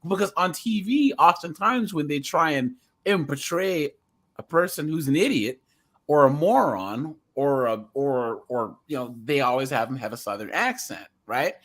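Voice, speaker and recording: A man's voice: a little high, lively intonation, normal speed, fairly bright tone. A man with a Californian accent hosting a casual podcast chat, rambling with fillers and chuckles. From US West Coast. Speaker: podcast host.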